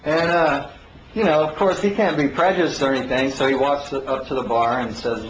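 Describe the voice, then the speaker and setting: A man telling an animated story about his own court case, acting out the people he quotes. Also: medium pitch, brisk, slight background noise. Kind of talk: anecdotal storytelling talk. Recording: roomy, dull lo-fi 2009 recording.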